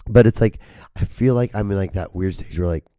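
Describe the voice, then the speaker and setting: A hoarse man with a strained, cracking voice rambles through a casual podcast monologue, swearing freely. His voice sits low and sounds dark and mellow. The recording is dry and close. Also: fairly quick, no room sound. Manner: profane, rambling, full of fillers. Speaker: podcast host.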